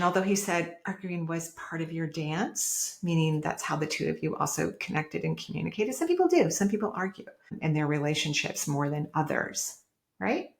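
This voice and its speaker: A woman hosting a podcast, giving emphatic, animated spiritual advice and laughing easily. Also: deep voice. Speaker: podcast host and intuitive. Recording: roomy echo.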